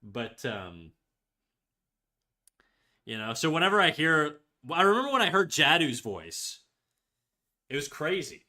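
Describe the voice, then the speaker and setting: A man's voice: fairly high pitch, very animated, a little slow, pauses often, pushed and bright. A man streaming live, chatting casually and teasingly with his viewers, rambling and filling his speech with "like". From Canada. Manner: teasing, rambling, heavy use of "like". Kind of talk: casual livestream chat. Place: home streaming setup.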